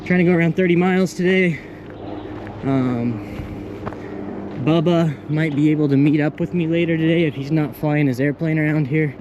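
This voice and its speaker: A man's voice: fairly high pitch, normal speed, background noise. A young man vlogging casually while hiking outdoors on a rural trail, rambling and easily delighted, talking into a handheld camera. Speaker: thru-hiker vlogger.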